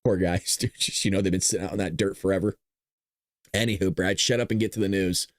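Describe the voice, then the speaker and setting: A man's voice: quick pace, no room sound, clean studio sound. A man hosting a casual political commentary show, joking, laughing and breaking into silly voices. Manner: animated, jokey, often laughing, breaks into high silly voices.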